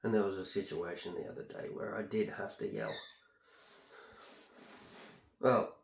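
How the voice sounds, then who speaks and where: Man, low and gravelly, casual aggrieved rambling vlog talk, echoey room. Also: big pitch swings, unhurried. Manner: aggrieved, meandering, talks while ear candling. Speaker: vlogger.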